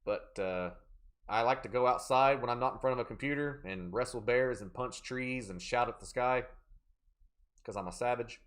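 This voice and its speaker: A man chats casually while playing a horror game live, joking and bantering with his audience and reading out and thanking viewers from chat. He speaks at a moderate pace in a medium-pitched, fairly bright voice.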